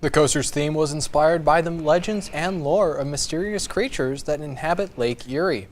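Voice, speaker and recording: A man's voice: a little high, normal speed. A young man in his twenties co-anchors a student newscast with a mid-range voice. He reads the news plainly and turns playful in the banter, hamming it up with his co-hosts. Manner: playful, hams up a pirate voice.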